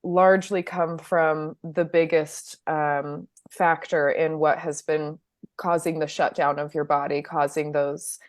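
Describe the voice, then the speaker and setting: Thoughtful, measured woman panelist; lower pitch, dry and close. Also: little pitch movement, no echo. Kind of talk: conversational panel discussion.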